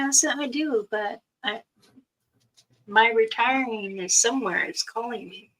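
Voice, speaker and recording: A middle-aged livestream host tells stories in a relaxed, unhurried chat, acting out the voices of the people in them and laughing often. Her voice is a little high, bright and sharp, and she sits back from the mic, so she sounds slightly distant.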